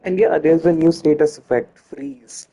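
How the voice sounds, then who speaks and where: A man gives a relaxed let's-play commentary, speaking straight to his viewers as he plays. His voice is mellow and slightly husky, and he often trips over and restarts his sentences. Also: fairly high pitch, unhurried, rough recording. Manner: chatty, self-correcting, talks to viewers. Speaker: gameplay commentator.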